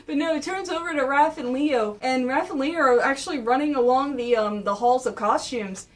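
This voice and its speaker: A young woman recapping a comic in a casual, gushing, excitable way. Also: high-pitched, moderate pace, distant mic. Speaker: comic reviewer.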